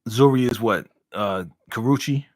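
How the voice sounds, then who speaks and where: A man's voice: mid-range voice, normal speed, no room sound, clean studio sound. A man hosting a casual live stream, reading viewer comments aloud and ranting heatedly with laughs in between. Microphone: studio podcast mic.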